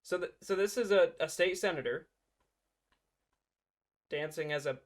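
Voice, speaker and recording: A man's voice: fairly high pitch, a little slow. A man hosting a political reaction commentary, talking in a mocking, sarcastic way and breaking into laughter.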